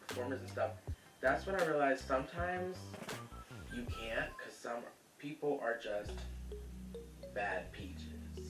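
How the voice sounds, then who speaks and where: Male home-cooking vlogger, sassy and chatty, mid pitch, roomy kitchen, music behind. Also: distant mic. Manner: sassy, calls viewers honey, laughs easily. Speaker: cooking vlog host. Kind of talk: casual chatty cooking vlog.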